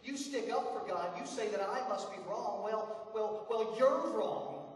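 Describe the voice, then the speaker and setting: Guy playing a tormented sufferer, stammers a lot, highish voice, far off in a big echoey hall. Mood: anguished. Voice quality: halting, stammering restarts. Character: suffering man pleading innocence, anguished. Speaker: actor in church skit. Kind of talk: amateur stage acting.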